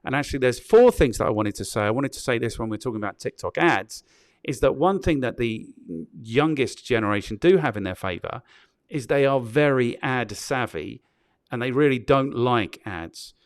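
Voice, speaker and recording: A man's voice: medium pitch, animated, normal speed, clear, resonant tone, no echo, clean studio sound. A man hosting a casual podcast, giving opinions in a conversational way and often checking in with his co-host.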